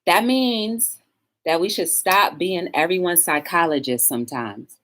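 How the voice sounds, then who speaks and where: A woman's voice: on the low side, a little slow, a bit bright. A woman hosting a casual live-stream talk show, chatting straight to her viewers and reading quotes aloud with emphasis.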